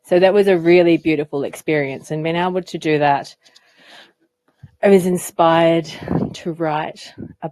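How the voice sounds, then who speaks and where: Low-voiced New woman, dry sound. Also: dry recording. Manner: animated, spiritual storytelling. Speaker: guest. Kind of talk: casual storytelling and poetry reading. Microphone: video call.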